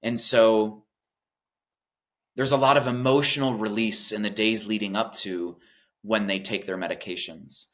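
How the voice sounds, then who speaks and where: A man speaking as a guest in an interview about his work as a death doula, talking earnestly and gently, often pausing with fillers. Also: lowish voice, fairly even intonation. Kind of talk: reflective interview talk.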